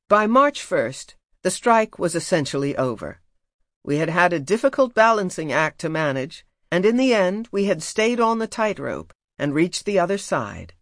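A man reading a memoir aloud as an audiobook narrator, in a measured, even way. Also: a little high, no echo, studio quality.

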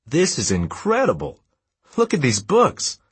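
A man reading an audiobook, voicing an eager grown son who calls out excitedly, his voice lifted well above his own. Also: low voice, breathy edge, dry recording, heavily acted. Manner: excited, calls out, quick exclamations.

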